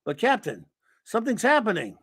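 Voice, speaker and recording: A man's voice: high-pitched, huge pitch swings, a little fast, a bit bright, husky, dry recording, studio quality, heavily acted. A man voicing an earnest, jittery male bridge officer who reports urgently and spirals into silly repetition.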